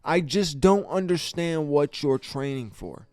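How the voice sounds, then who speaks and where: A man's voice: on the high side, expressive, measured pace, a little mellow, no echo. A man hosting a podcast, giving a casual fight review in an exasperated, profane way, stammering and restarting his sentences. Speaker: podcast host. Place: podcast studio.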